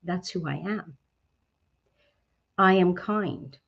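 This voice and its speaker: A Canadian woman giving a motivational talk to a business network. She is outgoing and animated, and she often asks questions and then answers them herself. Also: on the low side, slow, gravelly, muffled recording.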